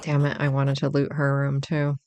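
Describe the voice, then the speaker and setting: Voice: medium pitch, completely flat delivery, normal speed, a little mellow, no room sound. A gameplay commentator chatting casually and thinking aloud in a self-deprecating way while playing a role-playing game. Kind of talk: casual let's-play commentary.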